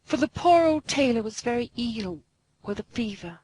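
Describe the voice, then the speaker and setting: A woman narrating a classic storybook aloud in an expressive, sing-song way. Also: fairly high pitch, normal speed, breathy edge, dry recording, rough recording.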